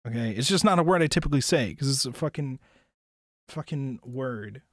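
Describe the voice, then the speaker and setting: A man's voice: medium pitch, lively intonation, a little fast, a bit bright, no echo. Chatty young man, dry sound. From United States. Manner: loose and chatty, heavy on "like", swears freely. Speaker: anime reviewer and streamer. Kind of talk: casual rambling tier-list commentary.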